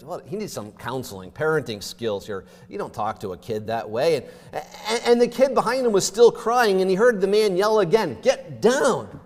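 A man preaching a sermon, reading scripture, praying and telling stories, swelling loud on scripture and dropping quiet in prayer. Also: on the high side. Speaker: pastor. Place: church sanctuary. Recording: long reverb of a church hall.

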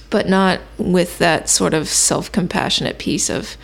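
Low, gravelly-voiced woman podcast host. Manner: calm, measured, thinking aloud with fillers. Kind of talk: reflective self-help teaching.

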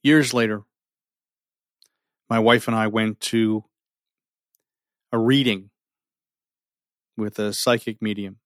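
A middle-aged man telling a personal story with earnest feeling, often sinking his voice low and holding back tears. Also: steady tone, slow, pauses often, no room sound, clean studio sound. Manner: earnest, emotional, often drops to near a whisper. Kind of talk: personal story told to an audience.

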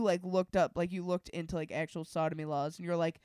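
A young woman co-hosting a podcast in casual chat, profane and animated, laughing often as she tells stories. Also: fairly low pitch, brisk, clean tone, dry recording, clean studio sound. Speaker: podcast co-host.

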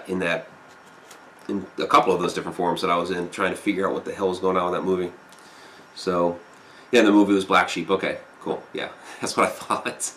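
A man's voice: low-pitched, a bit bright, slight background noise. Rambling man chatting on a live stream. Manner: rambling, many fillers, reads viewer comments aloud. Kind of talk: casual live chat reading comments.

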